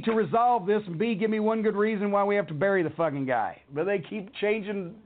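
A middle-aged man hosts a rant show, spinning a heated, profanity-laced story. His voice sits high for a man. The sound is thin and tinny, like a phone line. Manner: heated, swearing, animated. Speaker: podcast host.

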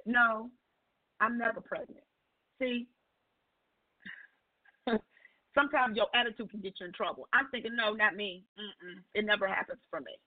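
Woman telling a story down a phone line. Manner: expressive, acts out dialogue with big pitch jumps. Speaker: call-in guest sharing a testimony. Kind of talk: animated storytelling on a call-in show. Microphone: telephone.

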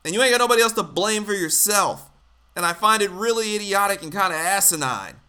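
A man rants in a blunt, exasperated commentary, swearing freely. His voice sits a bit high and has a bright, forceful edge. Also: animated, brisk, clear, resonant tone. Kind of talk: ranting commentary monologue.

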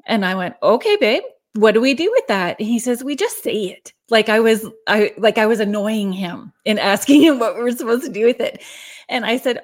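Chatty woman podcast host. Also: medium pitch. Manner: friendly, chatty, reads out viewer comments. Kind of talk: casual chat.

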